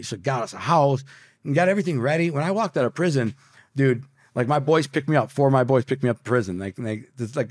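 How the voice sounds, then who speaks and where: A man's voice: mid-range voice, no echo, studio quality. A man, a podcast guest and author, telling his story in an emotional, vivid, casual way, full of slang like dude and bro. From Detroit, USA.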